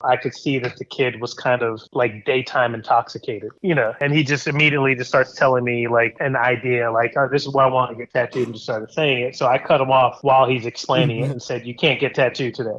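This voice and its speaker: A man in his fifties, a guest tattoo artist, telling a lively story in casual talk, swearing freely and filling with "like". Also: medium pitch, fast, few pauses. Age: 50s. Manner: lively anecdote telling, heavy profanity, many "like" fillers. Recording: dull lo-fi podcast audio.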